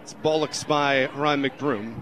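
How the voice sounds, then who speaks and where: Announcer in a put-on English accent. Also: male voice, medium pitch, steady tone, slow, a bit bright, slight background noise. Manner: playful, mock-formal, self-mocking. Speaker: radio play-by-play announcer. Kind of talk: baseball play-by-play commentary. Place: radio broadcast booth.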